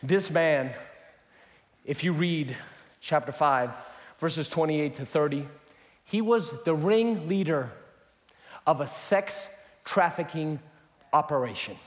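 A man preaching a sermon, telling the story with animated emphasis and bursts of laughter. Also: on the high side, takes it slowly, long pauses, in a large hall.

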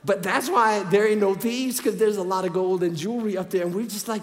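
A man with a high, lifted voice preaches in a church, shifting from booming, joking outbursts to soft, hushed pleas. His casual slang and humor keep the sermon lively. A long reverb from the hall trails every phrase. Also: brisk, hardly any pauses. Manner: animated, swings from loud to hushed.

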